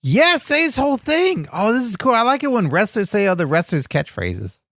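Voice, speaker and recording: A man's voice: sits high, wildly swooping pitch, normal speed, fairly bright tone, no echo, clean studio sound. Naive, sing-song male comedy co-host. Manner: naive and innocently oblivious. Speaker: podcast co-host. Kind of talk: comedy podcast banter.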